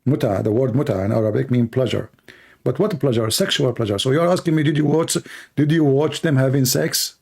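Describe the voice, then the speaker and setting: Brief: hoarse, gravelly host with non-native English, argumentative and full of rhetorical questions. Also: male voice, medium pitch, fairly quick, a little mellow. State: hoarse, coughing. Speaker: debate livestream host. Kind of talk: live stream Q&A monologue.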